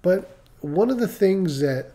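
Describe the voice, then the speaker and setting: A man's voice: high voice, animated, takes it slowly, mellow. A middle-aged man from Michigan telling a personal story in casual, rambling talk on a live stream, full of restarts and asides.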